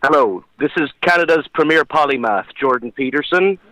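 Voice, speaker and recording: A man's voice: fairly high pitch, lively intonation, a little fast, no room sound, rough recording. A man calling in by phone and doing an impression of a pompous, self-important lecturing professor. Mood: mock-solemn. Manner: mock-solemn lecturing, then shouting rants. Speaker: call-in caller. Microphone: phone call-in.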